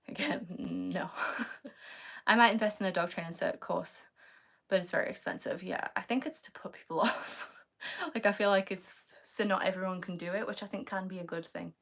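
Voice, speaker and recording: Answering chat on her live stream, a young British woman reads comments aloud and responds casually, with plenty of filler words. She speaks at a normal speed in a mid-range, steady voice.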